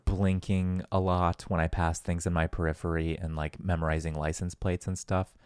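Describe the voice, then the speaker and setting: Low-voiced rambling profane man. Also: flat delivery, moderate pace, darkish tone, clear, resonant tone, no echo, studio quality. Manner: rambling, profane, self-deprecating, with laughs. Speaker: podcast host. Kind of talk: casual solo podcast monologue.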